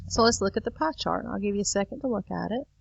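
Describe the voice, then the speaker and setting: Tired woman teacher, gravelly voice. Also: medium pitch, lively intonation, quick pace, muffled recording. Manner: tired, yawning, apologetic. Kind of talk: recorded lesson walkthrough.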